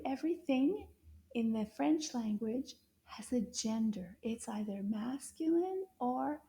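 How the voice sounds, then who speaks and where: A woman teaching a French lesson to children, speaking slowly and clearly in an encouraging teacher's way. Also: high voice, lively intonation, warm tone. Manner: slow, clear, encouraging teacher talk with drawn-out words.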